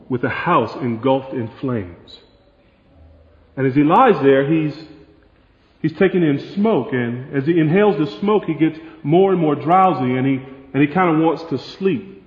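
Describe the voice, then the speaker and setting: A man preaching a sermon emphatically, building to forceful peaks and dropping to soft asides. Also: on the high side, lively intonation, unhurried. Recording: dull, roomy hall sound.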